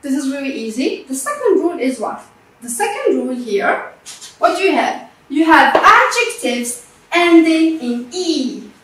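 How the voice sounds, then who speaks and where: Slow, patient woman teaching English. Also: high-pitched, big pitch swings, fairly bright tone. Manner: slow and patient, repeats words and checks with "okay?". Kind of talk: classroom grammar lesson. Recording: echoey room from a distance.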